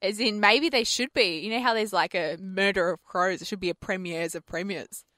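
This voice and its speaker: A woman's voice: mid-range voice, moderate pace, a bit bright, no room sound, studio quality. A woman co-hosting a radio show, chatting casually and animatedly, often laughing. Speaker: radio co-host.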